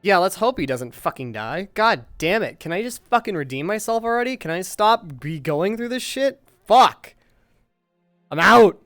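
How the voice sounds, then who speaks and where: An animated, swearing streamer talks casually to viewers, rambling and exasperated. The voice is smooth and clean, close to the mic in a dry space. Faint music plays underneath. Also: medium pitch, moderate pace, no echo. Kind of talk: casual out-of-character chat to viewers. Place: at home, recording in virtual reality.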